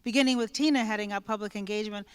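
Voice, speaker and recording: A woman speaks with a smooth, clean tone at a mid pitch. She is a guest author in an onstage conversation, telling lively anecdotes and acting out the lines of the people in them. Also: rapid-fire, big-room sound. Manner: lively anecdotal storyteller who acts out quoted speech.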